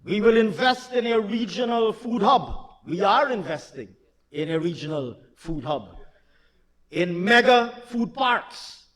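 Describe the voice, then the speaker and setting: A man delivering a budget speech in a parliament chamber, emphatic and repetitive, at times shouting. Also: high voice, lively intonation, measured pace. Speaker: finance minister. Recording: long hall reverb in a large chamber.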